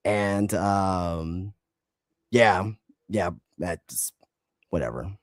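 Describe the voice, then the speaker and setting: Male podcast co-host, lowish voice, dry close mic, easygoing. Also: extremely slow, no echo. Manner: laid-back, lots of short agreements and fillers. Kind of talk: casual podcast chat.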